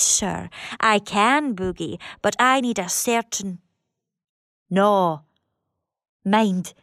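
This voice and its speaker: A middle-aged woman with a Scottish accent, delivering a dramatic monologue with expressive, theatrical swings between loud and hushed. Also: mid-range voice, no room sound, clean studio sound.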